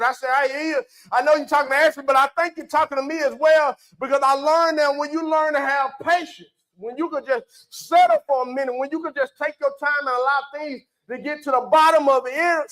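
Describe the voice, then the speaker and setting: A preacher, a man with a strikingly high voice, delivers a folksy sermon in church. He keeps breaking off to call on members of the congregation and to prompt them to answer back. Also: a bit bright, low-quality recording. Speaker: pastor.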